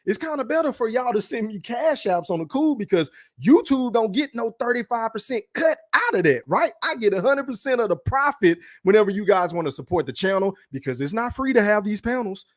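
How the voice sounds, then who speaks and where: A man's voice: high-pitched, animated, fairly quick, few pauses, dry recording, studio quality. A man hosting his own podcast livestream, talking in a blunt, profane casual rant from his room and tagging his points with "right?". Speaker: podcast host.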